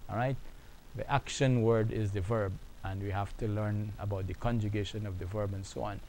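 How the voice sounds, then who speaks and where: Man, language teacher, patient drilling of phrases, slow and repetitive. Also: lowish voice, fairly even intonation, a little mellow, a little hiss or hum, low-quality recording. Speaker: Arabic teacher. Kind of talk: online language lesson.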